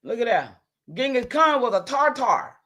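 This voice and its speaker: A woman's voice: fairly high pitch, sing-song, moderate pace, fairly bright tone. A woman hosting a livestream, talking straight to her viewers, emphatic and repeating herself, swearing when heated and then apologising. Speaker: livestream host.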